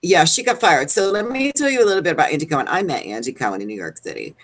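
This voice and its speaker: Low-pitched woman co-host, animated gossip rant, live show. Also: fast talker, slightly rough. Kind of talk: casual chat.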